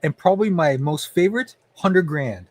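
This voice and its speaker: High-voiced, chatty male caller. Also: animated, normal speed, no room sound. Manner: enthusiastic, filler-heavy. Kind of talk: casual call-in chat.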